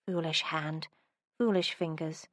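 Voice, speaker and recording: Audiobook narrator, female, lowish voice, soft and intimate, dry close sound. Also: steady tone, unhurried, dry recording. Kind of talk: scripted romance narration.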